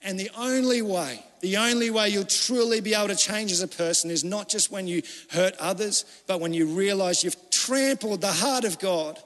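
A man's voice: high-pitched, normal speed, few pauses. Impassioned male pastor preaching in a reverberant hall. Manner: impassioned preaching, swinging from urgent cries to hushed pleading. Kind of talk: sermon.

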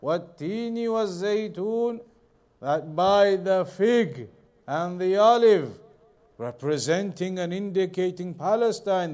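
Man, religious teacher, high-pitched, measured lesson delivery with emphatic repetition. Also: a little mellow. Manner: measured, repeats phrases for emphasis. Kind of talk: explaining scripture verse by verse.

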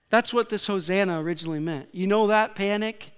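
A man preaching a sermon as pastor, telling stories with lively acted-out quotes and shouting at the peaks. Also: sits high, moderate pace, few pauses, smooth, long reverb tail. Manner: animated storytelling, acting out quotes, shouting at peaks. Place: church.

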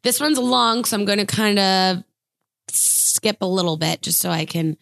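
A woman co-hosting a podcast, reading listener emails aloud in a relaxed way with asides. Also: mid-range voice, measured pace, vocal fry, no room sound, studio quality. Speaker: podcast co-host.

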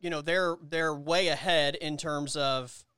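Bright crisp man arguing sports. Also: a little high, steady tone, a little slow, dry recording. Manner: restarts a lot, builds long arguments. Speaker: podcast co-host. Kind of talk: casual sports chat.

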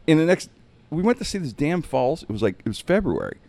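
A man's voice: a little high, brisk, no room sound. A man telling a funny road-trip story in casual chat, acting out the other people's voices. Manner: animated, acts out quoted voices.

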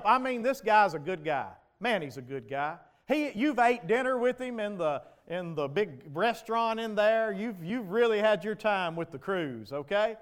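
A male pastor preaching a sermon, asking the congregation questions and building to loud, emphatic passages. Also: extremely high pitch, clear, resonant tone. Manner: preaching with rhetorical questions to the congregation, rising to shouts.

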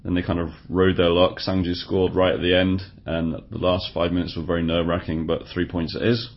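A man's voice: deep voice, monotone, brisk. A man co-hosting a casual football podcast, recapping results with dry, wry understatement. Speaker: podcast co-host. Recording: dull lo-fi podcast audio.

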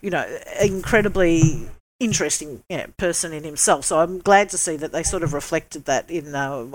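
A woman's voice: low voice, moderate pace. A woman co-hosting a TV review podcast, chatting casually with plenty of ums and hesitations. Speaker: podcast co-host. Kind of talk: casual chat.

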